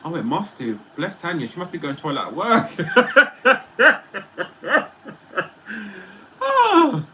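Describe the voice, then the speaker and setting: A man's voice: fairly high pitch, big pitch swings, fast, fairly bright tone, slight background noise, poor audio. A man hosting a casual livestream, chatting playfully with viewers and reading their comments. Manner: chatty and playful, often laughing. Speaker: livestream host.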